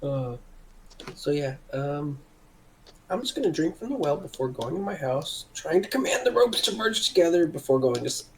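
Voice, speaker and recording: A man's voice: fairly high pitch, very animated, moderate pace, rough recording. A man playing in a tabletop game, speaking in a casual, offhand way. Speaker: player.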